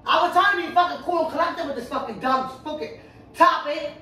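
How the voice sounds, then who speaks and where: A woman's voice: high voice, fairly quick, sharp tone. A woman on a couple vlog, scolding her boyfriend at home with a heated, profane, bossy manner. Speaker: vlogger girlfriend. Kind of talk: casual couple prank video. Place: home living room, on a couch. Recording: roomy echo, distant mic.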